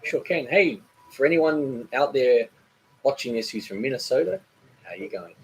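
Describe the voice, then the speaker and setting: A man's voice: mid-range voice, expressive, moderate pace, slight background noise, low-quality recording. Chatty man hosting a live stream. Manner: rambling and chatty, with many fillers and joking asides. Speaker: cooking channel host. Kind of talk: casual live-stream chat, reading viewer comments.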